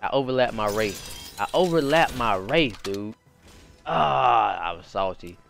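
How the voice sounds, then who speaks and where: A young man casually commenting on his own gameplay as host, slangy and animated, repeating phrases and yelping when excited. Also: on the low side, unhurried, creaky, faint music behind. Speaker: gaming channel host.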